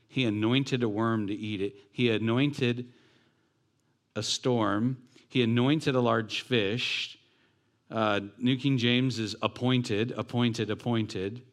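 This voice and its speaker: A man preaching a sermon as pastor, talking in a conversational way with rhetorical questions and joking asides. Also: mid-range voice.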